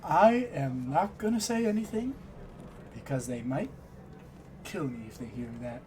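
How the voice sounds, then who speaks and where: A man's voice: sits high, lively intonation, drawn-out words, slight background noise, pitched above the performer's own voice, heavily acted. A man voicing an easygoing male mage who makes wry, joking remarks.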